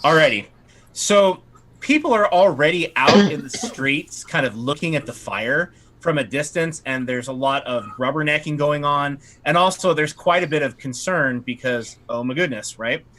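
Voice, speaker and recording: A man's voice: on the high side, normal speed, pushed and bright. A man narrating as game master of a tabletop game, in a loose, rambling way with many fillers.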